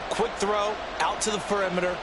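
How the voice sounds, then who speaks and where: A man's voice: high-pitched, flat delivery, brisk. A man giving emphatic, coach-like analysis as color commentator in a football video game. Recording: game audio with loud crowd and noise.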